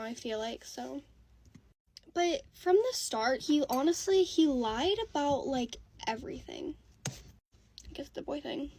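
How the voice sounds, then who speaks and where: A woman's voice: high voice, a little mellow. A woman telling a gossipy get-ready-with-me story in a chatty way, full of asides.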